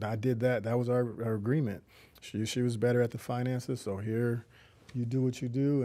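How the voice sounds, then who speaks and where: A man's voice: medium pitch, dark tone. A middle-aged man giving an earnest, reflective faith testimony as an interview guest, often restarting his sentences. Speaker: guest, community founder.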